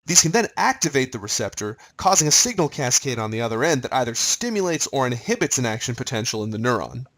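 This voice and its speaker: A man teaching a recorded pharmacology lesson in a casual, chatty manner. His pitch rises and falls in an animated way as he explains the material and puts quick questions to the listener. His voice sits in a middle register. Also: rough recording. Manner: lively, conversational, quizzes the listener. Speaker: lecturer.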